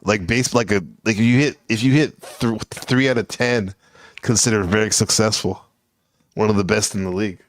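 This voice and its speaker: Male panel host, lowish and dry, teasing, profane, loose. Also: steady tone, normal speed, no echo. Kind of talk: casual panel show hosting.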